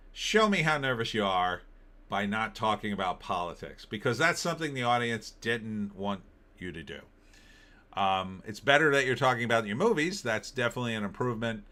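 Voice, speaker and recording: A man's voice: lowish voice, pushed and bright. Sarcastic ranting male commentary host. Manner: sarcastic, ranting, mocking asides in put-on voices. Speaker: host of an opinion show. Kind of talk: casual commentary reading headlines.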